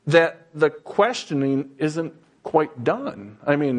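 A man preaching a sermon in a slow, conversational style, often pausing on fillers and building to emphatic, rising passages. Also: on the high side, expressive. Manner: plain storytelling with frequent fillers.

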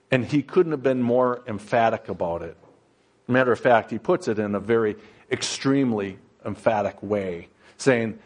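A man preaching a sermon in a slow, conversational style, often pausing on fillers and building to emphatic, rising passages. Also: on the low side. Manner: plain storytelling with frequent fillers.

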